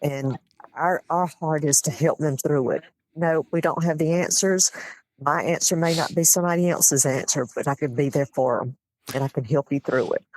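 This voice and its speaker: A woman speaking as a podcast guest in casual chat, soft and halting. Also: low-pitched. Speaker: guest, wife of the guest.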